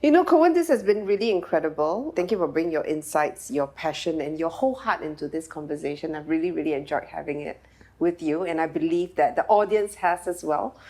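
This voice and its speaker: A woman's voice: sits low, a little fast. A woman hosting a podcast interview, affirming and effusive toward her guest. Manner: warmly affirming, effusive praise. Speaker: podcast host. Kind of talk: interview and show outro.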